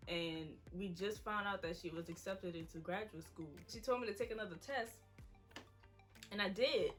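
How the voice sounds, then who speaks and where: A woman's voice: medium pitch, normal speed, a bit bright, soft background music. A woman, casually telling an emotional personal story to the camera. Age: 20s. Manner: casual, quoting people in her story. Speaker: vlogger.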